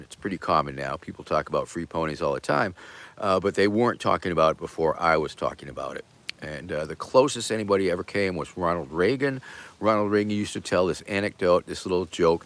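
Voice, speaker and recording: A middle-aged man hosting a casual livestream, answering viewer questions in a rambling, halting way with many fillers and a playful joking humor. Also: deep voice, no room sound. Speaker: host.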